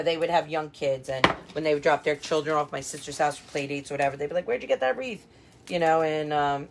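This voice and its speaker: A low-pitched woman's voice comes through with slight background noise. She's a wreath designer running a live craft tutorial, welcoming viewers by name, and her manner is chatty and upbeat, packed with fillers and asides.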